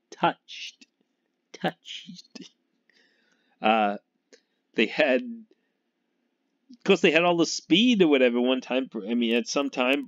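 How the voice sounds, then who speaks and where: A man's voice: mid-range voice, no room sound. A man from Massachusetts rambling through a casual monologue about football, laughing often and trailing off as he talks. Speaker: sports fan vlogger. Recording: dull lo-fi recording.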